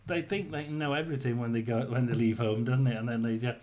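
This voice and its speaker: A man hosting a casual live chat, rambling and hesitant, often clearing his throat and telling jokes to his viewers. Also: medium pitch, steady tone, fast talker, darkish tone. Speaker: host of a live tarot chat stream.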